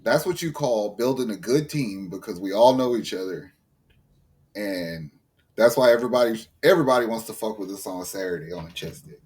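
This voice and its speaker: Profane Texan gym bro, casual chat. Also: male voice, on the low side, fairly quick. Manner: profane, animated storytelling about gym routine. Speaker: podcast co-host.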